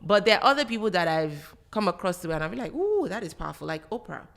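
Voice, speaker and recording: A woman hosting a podcast in casual conversation, self-assured and animated, laughing often. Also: lowish voice, fast talker. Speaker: podcast host.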